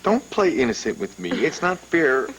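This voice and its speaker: A restless husband who wants to go back to work in a daytime soap. He grumbles and protests with a lively, swinging voice. Faint noise behind him. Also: medium pitch, normal speed, poor audio. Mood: protesting. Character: restless stubborn convalescing husband.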